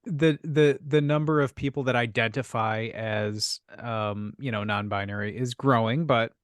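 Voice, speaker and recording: Male podcast co-host, mid-pitch voice, dry close sound, loose rambling delivery. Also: a little slow, clean tone, no room sound. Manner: rambling, many restarts and laughs. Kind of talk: casual chat.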